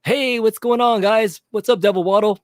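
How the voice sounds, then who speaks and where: Hyped male video host, pitched well above normal, loud eager greetings; a man doing the bit. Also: fairly even intonation, normal speed, no room sound, studio quality, natural voice.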